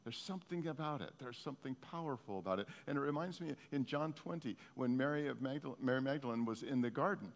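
A man's voice: medium pitch, fast, hardly any pauses. A male pastor delivers a sermon with earnest, heartfelt storytelling, his voice sitting in an ordinary middle register. The sound carries a long hall reverb that trails after each phrase.

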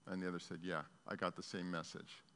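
A male pastor preaching a sermon, telling a story in an earnest, halting way. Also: low voice, level tone, fairly bright tone. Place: church sanctuary. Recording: long hall reverb.

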